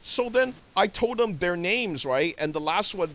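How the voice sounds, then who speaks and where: Animated man telling stories, lively pitch. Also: moderate pace, low-quality recording. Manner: animated storyteller, acts out quotes. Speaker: talk show host. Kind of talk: casual spiritual chat.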